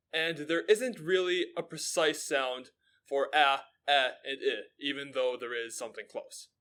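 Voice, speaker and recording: An earnest young man in his twenties delivers a scripted explainer as the host of his own show. His voice sits a little on the high side, and he sets up rhetorical questions only to answer them himself. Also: a bit bright.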